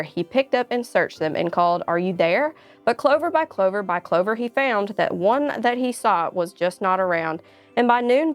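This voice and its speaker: Woman reading a rhyming bedtime story. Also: medium pitch. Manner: rhythmic rhyming read-aloud. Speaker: storybook reader.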